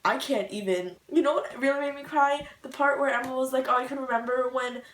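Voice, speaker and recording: A woman's voice: high-pitched, a little fast, a bit bright, distant mic. A young woman vlogging her reaction to a book, rambling and emotional with lots of "like", recorded at home on a camera mic. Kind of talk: casual book reaction vlog. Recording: echoey room, voice a little off-mic.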